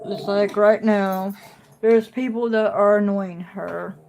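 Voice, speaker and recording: A woman's voice: mid-range voice, slight background noise. A woman chatting casually on a phone livestream at home, talking to viewers and scolding her dog in between. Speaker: puzzle live streamer.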